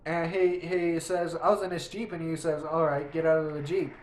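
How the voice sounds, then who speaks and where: A man's voice: fairly high pitch, level tone, normal speed, roomy sound, a little hiss or hum. A young man telling a story in a rambling, profane, casual way, often restarting his sentences while he plays a game. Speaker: vlogger.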